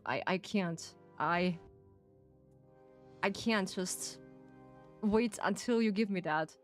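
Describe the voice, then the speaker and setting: A woman's voice: mid-range voice, slow pace, pauses often, faint music behind. A woman with a German accent, a native German speaker chatting casually with her viewers as a streamer, playful and teasing and laughing often.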